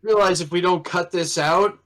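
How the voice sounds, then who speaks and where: A man's voice: high voice, fairly even intonation, normal speed, fairly bright tone. A man co-hosting a podcast, chiming in with brief reactions and teasing asides in casual chat. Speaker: podcast co-host.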